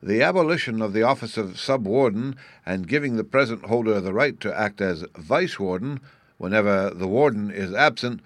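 A man's voice: on the low side, expressive, normal speed, no room sound, lightly acted. A man voicing a sheepish, nervous court chancellor who stumbles over his words. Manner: sheepish, hesitant.

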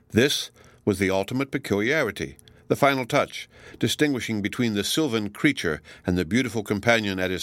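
Male audiobook narrator, low voice, dry close sound, measured reading. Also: fairly bright tone, no room sound. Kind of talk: scripted narration.

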